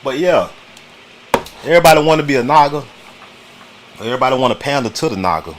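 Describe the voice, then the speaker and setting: An American livestream host runs a casual political talk stream at a quick pace, his medium-pitched voice full of lively intonation over slight background noise. He speaks in loose slang, repeats his points and keeps stopping to welcome viewers in chat.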